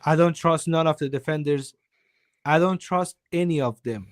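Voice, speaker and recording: A man's voice: a little high, normal speed, no room sound, studio quality. A man giving a heated football opinion on a live stream, weary and emphatic, repeating himself for stress. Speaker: guest co-host.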